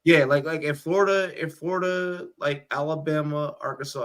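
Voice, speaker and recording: A man's voice: fairly high pitch, steady tone, normal speed. A man hosting a sports podcast, talking in a rambling, emphatic, profane way. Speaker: podcast host. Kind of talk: casual sports chat.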